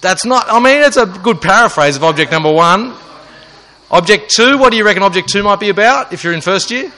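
A man's voice: high voice, expressive, brisk, sharp tone, rough recording. A young man giving a joking talk to a student audience, self-mocking and asking the crowd questions. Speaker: student ministry speaker.

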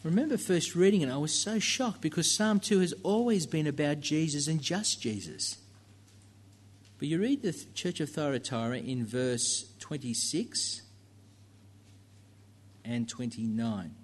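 A man's voice: a little high, lively intonation, a little slow. A man preaching a sermon in a church, talking conversationally with fillers and asides to the congregation.

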